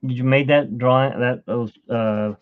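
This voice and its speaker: A man's voice: mid-range voice, fairly even intonation, unhurried. A middle-aged man hosting a live drawing stream, chatting in a rambling, storytelling way, in tinny phone-like livestream audio. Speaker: art livestream host. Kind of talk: casual live drawing chat.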